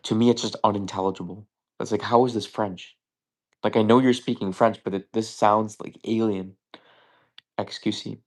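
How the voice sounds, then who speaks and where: A man's voice: lowish voice, steady tone, moderate pace, a little mellow. A young man hosting a live trivia stream, thinking aloud in casual chat and often stammering and correcting himself.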